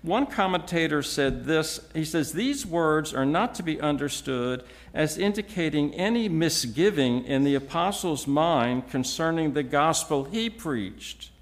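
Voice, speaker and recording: Male preacher, unhurried delivery, expressive rising and falling pitch, emphatic teaching. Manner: measured, emphatic teaching with frequent restarts. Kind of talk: expository sermon.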